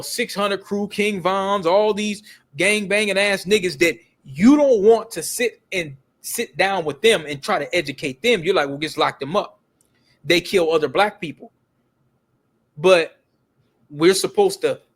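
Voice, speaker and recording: A man telling stories in a casual, emphatic rant, full of street slang and repeated words. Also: high voice. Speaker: video commentator.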